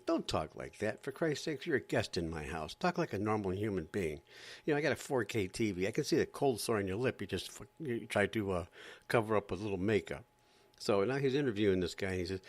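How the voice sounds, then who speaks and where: A man's voice: on the low side, very animated, a little fast. A man hosting a podcast, ranting in an exasperated, sarcastic way and often repeating himself. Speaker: podcast host. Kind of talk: ranting commentary.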